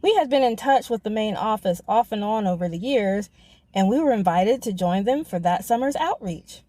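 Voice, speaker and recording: A woman narrating her own story in a reflective, measured way, her voice soft and mellow. The recording is dry and close, with no room around it. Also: medium pitch, lively intonation, dry recording. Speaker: podcast host. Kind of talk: scripted personal narration.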